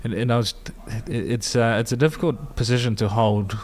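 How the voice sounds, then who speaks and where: A male panelist on a casual podcast, making measured arguments with frequent restarts. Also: medium pitch, darkish tone. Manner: measured, builds arguments from data with many restarts.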